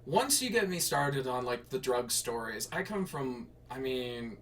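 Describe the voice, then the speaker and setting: A man's voice: mid-range voice, big pitch swings, measured pace, fairly bright tone, far from the mic, a little hiss or hum. A man streaming himself writing and reading flash fiction in a casual way, laughing and correcting himself with rambling asides.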